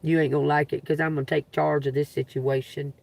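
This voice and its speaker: A woman streaming live from her phone, telling a story in an animated, emphatic and profane way. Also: deep voice, fast talker, gravelly, dry recording. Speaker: livestreaming tarot reader. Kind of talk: casual livestream storytelling.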